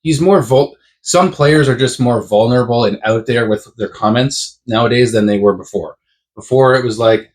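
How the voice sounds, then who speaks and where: A man's voice: medium pitch, moderate pace. Chatty man talking hockey. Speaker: podcast co-host. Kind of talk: casual sports chat.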